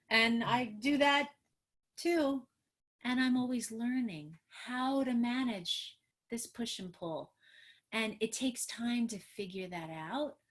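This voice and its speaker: A middle-aged woman with a fairly high voice teaches parents over a video call. She is animated and emphatic, and she slips into short acted-out lines of what a parent or child might say. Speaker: trauma therapist presenting a webinar. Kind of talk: webinar teaching talk. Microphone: computer mic on a video call.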